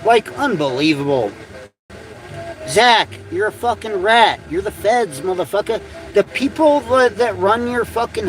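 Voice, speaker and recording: A man with a high voice delivers an angry, profane livestream rant. His pitch swings widely as he repeats himself and curses again and again. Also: rough recording. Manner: profane, repetitive, heated ranting. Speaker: livestream host.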